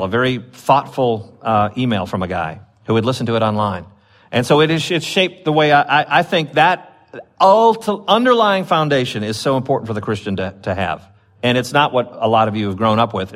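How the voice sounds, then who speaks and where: A man preaching a conversational sermon, often stopping and restarting, with his voice lifting when he reads scripture aloud. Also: medium pitch. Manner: chatty, with many fillers and restarts, rising when reading scripture. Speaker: pastor.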